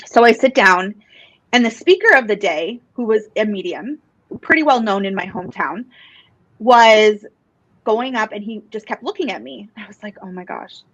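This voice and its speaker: A woman guest telling her story in a casual interview, earnest and animated, with many fillers and restarts. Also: mid-range voice, normal speed. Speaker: psychic medium and guest. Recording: dull, dry lo-fi podcast audio.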